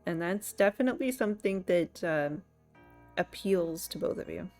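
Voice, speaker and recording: A woman's voice: fairly low pitch, animated, normal speed, darkish tone, faint music behind. A woman narrating as game master of a tabletop game, rambling with many fillers. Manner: rambling, filler-heavy, amused.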